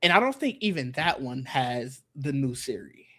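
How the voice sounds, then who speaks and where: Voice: medium pitch, very animated, moderate pace, sharp tone. A podcast host talking tech in loose, casual chat, circling through restarts and half-finished thoughts. Now and then the host slips into acting out what a company might say. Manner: rambling, restarts often, acts out imagined remarks.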